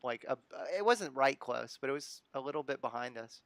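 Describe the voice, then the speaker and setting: Hosting a live stream, a man from the United States relaxes into casual chat, chuckling as he reads chat comments aloud. He speaks a little fast in a medium-pitched, lively, somewhat bright voice that's clear and resonant, with no room sound.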